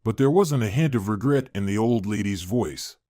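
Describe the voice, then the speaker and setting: A man's voice: fairly low pitch, animated, normal speed, warm tone, no echo, studio quality. Man narrating a family drama story. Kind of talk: scripted narration.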